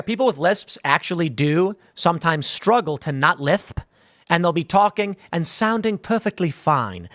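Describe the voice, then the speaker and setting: A man's voice: sits high, fairly bright tone, no echo, clean studio sound. A man, giving opinionated news commentary with combative, sarcastic asides.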